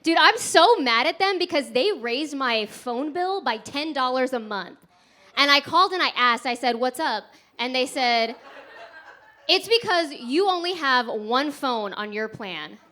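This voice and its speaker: A woman's voice: high voice, lively intonation, unhurried, pushed and bright. A woman from Texas performing a stand-up set at a comedy club, chatty and self-mocking, laughing through her punchlines. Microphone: handheld stage mic.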